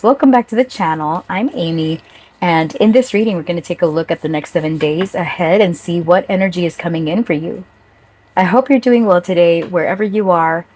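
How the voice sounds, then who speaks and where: Chatty woman reading tarot, mellow voice. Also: on the low side. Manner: chatty, talks straight to viewers, swears casually. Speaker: tarot reader. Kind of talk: casual tarot reading to camera.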